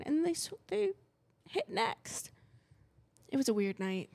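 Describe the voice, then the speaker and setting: Giggly young woman with a gravelly edge. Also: high-pitched, very animated, measured pace, darkish tone, dry recording. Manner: giggly, slips into a put-on British accent. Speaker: podcast co-host. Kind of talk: casual chat.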